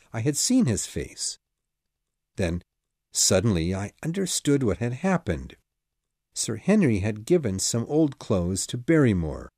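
Casting: male audiobook narrator, lowish voice, slow and very animated, dry close sound. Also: breathy edge, dry recording. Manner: dramatic, measured storytelling. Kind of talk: scripted narration.

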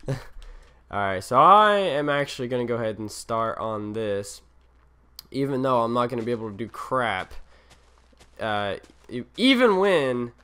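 A young man talks his way through a session of his game, rambling and poking fun at himself as he wanders between tasks. His voice is bright and forceful, with a smooth, crisp tone. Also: medium pitch, sing-song, unhurried, pauses often. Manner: rambling, self-mocking, easily distracted. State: tired. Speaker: gaming channel host. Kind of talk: Let's Play commentary.

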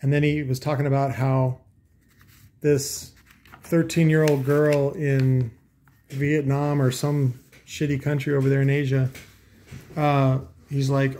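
A man's voice: a little high, level tone, normal speed, mellow, slight background noise. A man hosting a casual commentary, talking in a sarcastic, profane, rambling way full of asides. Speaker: host.

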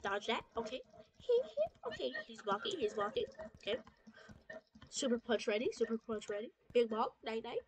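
A woman giving excitable, trash-talking commentary while she plays a boxing game against a friend. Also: a little high, brisk. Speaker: gamer. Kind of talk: gameplay commentary.

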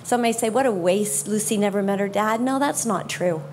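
A woman gives a heartfelt testimony to a congregation at a mid-range pitch. Her delivery is earnest and sincere. Faint room ambience hums behind her. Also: fairly quick, a little mellow, slight background noise. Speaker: guest speaker. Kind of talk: personal testimony in church.

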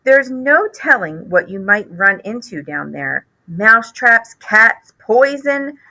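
A woman's voice: on the high side, lively intonation, takes it slowly, sharp tone, full character voice, poor audio. A woman voicing a fussy, worried mother mouse who frets and pleads in a storybook read-aloud. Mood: anxious. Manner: anxious, pleading.

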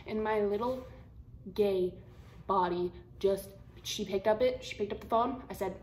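A twenty-year-old woman vlogging, telling a story to camera in a blunt, slangy, animated way. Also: mid-range voice, a little slow. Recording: roomy echo, faint room hum.

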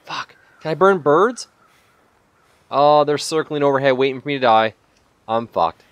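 A man playing a survival video game and talking through it in casual commentary, chatty and profane, with sudden excited yelps. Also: on the high side, normal speed, dry recording, dull audio. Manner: chatty, swears a lot, bursts into excited yelps. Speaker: gaming channel host. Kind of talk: let's play commentary.

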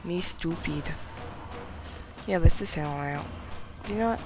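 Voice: medium pitch, normal speed, music in the background, poor audio. A gameplay commentator talking casually while playing, chatty and giggly, mocking themself and getting nervous when danger comes near. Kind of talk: casual let's-play commentary.

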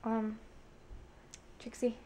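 Teen girl, casual home vlog, slow unhurried talk, handheld camera, faint background hum. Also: warm tone. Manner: chatty, narrating what she does. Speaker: vlogger. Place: home kitchen, indoors.

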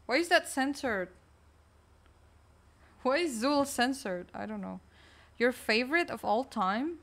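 A woman's voice: sits high, lively intonation, a little slow, a bit bright. A woman streamer chatting casually while gaming, answering chat in a chatty, distracted way.

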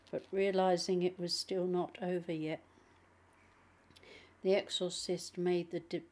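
A woman with a cold reads an audiobook aloud, slowly and deliberately, with a cough now and then. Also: fairly low pitch, darkish tone. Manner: slow, deliberate reading. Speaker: audiobook narrator. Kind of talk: audiobook reading.

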